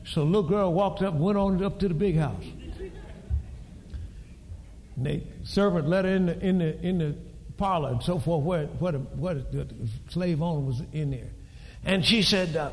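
A pastor preaching a sermon in a church, swinging between quiet storytelling and shouted emphasis. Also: male voice, a little high, normal speed, slight background noise. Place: large church hall. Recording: reverberant church hall.

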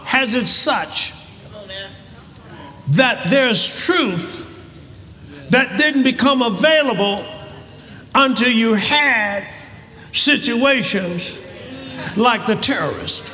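A male pastor preaching a sermon, shouting and repeating words as he builds up. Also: extremely high pitch, expressive, very slow, pauses often. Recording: echoey hall with audience noise.

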